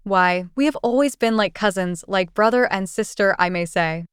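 A woman reading the part of a proud young society woman, agitated and pleading in a smooth, dry voice. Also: mid-range voice, normal speed, no room sound, close to an everyday voice. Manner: agitated, pleading, then sharp.

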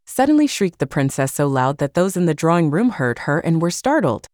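A woman reading a classic novel aloud as an audiobook narrator, measured and expressive. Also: on the low side, no room sound, clean studio sound.

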